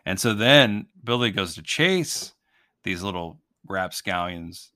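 A man with a bright, forceful voice that sits a little low. He chats casually on a podcast, recapping a film in a loose, rambling way with lots of restarts. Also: expressive, slow pace. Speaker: podcast co-host. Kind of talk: casual movie-review chat.

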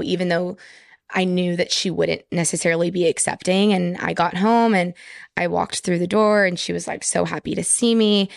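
A woman's voice: fairly low pitch, fairly even intonation, moderate pace, creaky, no room sound, clean studio sound. A young woman from Texas, a podcast guest telling a personal story in casual chat, full of "like" fillers.

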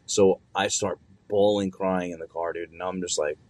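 A young man with a low voice tells a personal story in a relaxed, chatty way, leaning on fillers and casual slang. His voice is recorded dry and close, with no room sound. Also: normal speed, no room sound. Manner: loose and conversational, heavy on fillers and slang.

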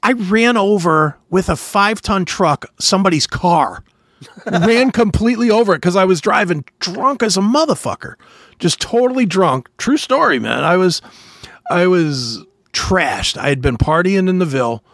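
A man hosting a podcast, telling army stories in a casual, profane way and loudly acting out the people he quotes. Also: high voice, normal speed, no room sound, clean studio sound. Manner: animated, swearing, acts out quotes loudly. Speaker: podcast host, former soldier. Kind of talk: casual storytelling chat.

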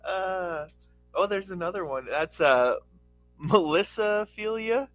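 A man's voice: sits high, animated, takes it slowly, fairly bright tone, faint music behind. A man co-hosting a podcast who reads out topics and asks wry questions during crude banter. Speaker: podcast co-host.

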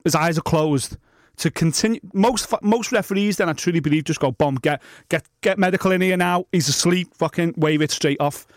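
A man's voice: on the high side, brisk, no room sound. Blunt, sweary man, dry sound. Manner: blunt and sweary, talks in a rush. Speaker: podcast co-host. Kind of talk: casual chat.

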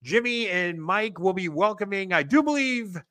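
A man with a Boston accent hosting a show, energetic and rambling as he chats and plugs events. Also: sits high, moderate pace, dry recording. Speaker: podcast host. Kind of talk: casual show chat and plugs.

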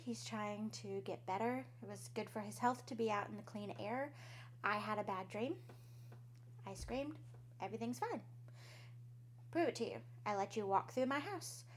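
Hushed woman retelling a creepy tale. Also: fairly high pitch, slight background noise. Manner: hushed, dramatic storytelling with whispered heartbeats. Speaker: podcast co-host telling a spooky story. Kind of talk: casual retelling of a horror story.

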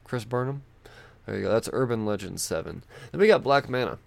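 A man's voice: mid-range voice, expressive, fairly quick, creaky, no room sound. A man chatting casually about new releases, rambling and loosely profane, thinking aloud as he goes. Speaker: comic book vlogger. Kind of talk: casual chat.

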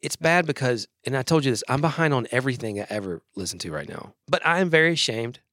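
A man's voice: medium pitch, lively intonation, fast, a bit bright, dry recording, clean studio sound. A middle-aged man with a Southern US accent, a podcast guest chatting casually and rambling in a self-deprecating way. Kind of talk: casual chat.

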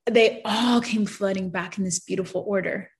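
A woman's voice: mid-range voice, steady tone, normal speed. A woman in her thirties sharing an emotional faith testimony in an earnest, heartfelt way, full of fillers.

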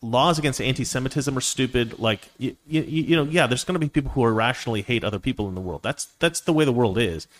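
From a home studio, a man hosts a livestream, reading super chats from viewers and answering them into a desk microphone. He's opinionated and rambling, often restarting sentences, speaking quickly in a mid-range voice with hardly any pauses.

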